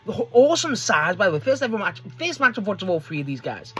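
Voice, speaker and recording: A young man, recapping a wrestling match in casual chat, excitable and swearing often. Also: high voice, fast, few pauses, breathy edge, faint music behind. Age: young adult. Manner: excitable, swears a lot, acts out promo quotes. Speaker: wrestling video host.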